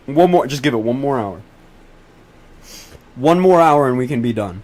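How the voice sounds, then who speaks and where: A teenage boy tracks storms while casually livestreaming to his chat, swearing, pleading and repeating himself constantly, with excited bursts whenever he spots something. His voice sits in the mid range, and he talks a little slowly with long pauses.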